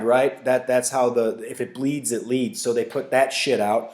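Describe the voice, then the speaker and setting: Blunt, foul-mouthed podcast host ranting. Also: male voice, medium pitch, fairly even intonation, moderate pace, few pauses, darkish tone. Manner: conversational, many fillers and tag questions. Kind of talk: casual solo podcast rant.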